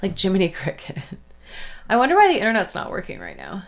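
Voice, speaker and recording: A woman's voice: medium pitch, wildly swooping pitch, fairly quick, creaky. Sarcastic woman podcast host. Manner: sarcastic, mocking impressions. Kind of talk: casual chat.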